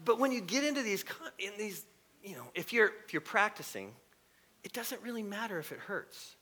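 A middle-aged man preaching a sermon, animated and shifting into mocking voices with sudden loud bursts. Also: high voice, moderate pace, slightly rough. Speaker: pastor.

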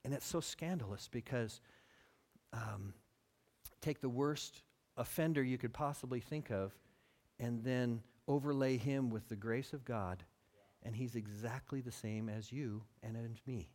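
A pastor preaching a sermon, acting out quotes and building to near shouts. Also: male voice, medium pitch, unhurried. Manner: animated, acts out quotes, rises to near shouting.

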